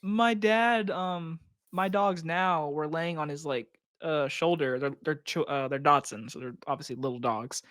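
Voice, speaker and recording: A man's voice: a little high, measured pace, fairly bright tone, no echo, clean studio sound. A young man co-hosting a casual podcast, teasing his friend and swearing often as he jokes. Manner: teasing, swears a lot, jokey. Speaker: podcast co-host.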